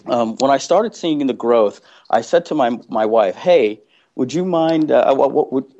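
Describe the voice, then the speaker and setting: Animated man telling a story, lo-fi. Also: medium pitch, unhurried, slight background noise. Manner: animated, acts out quoted voices, many restarts. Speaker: guest entrepreneur. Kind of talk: casual storytelling. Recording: dull lo-fi sound.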